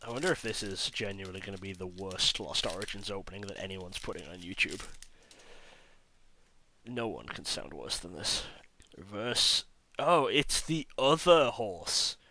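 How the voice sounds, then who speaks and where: Audibly sick, a man with a low, hoarse voice hosts a card-opening channel and gives loose, chatty commentary as he names each card from a stack of packs. His tone stays bright, edgy and animated at a moderate pace, and he keeps mocking how rough his own voice sounds. Slight background noise is audible.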